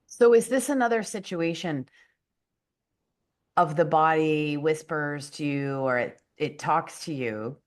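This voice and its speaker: A woman interviewer with a very low voice who asks curious, open questions. She talks in a plain, conversational way. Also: a little slow. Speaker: interviewer, journalist host.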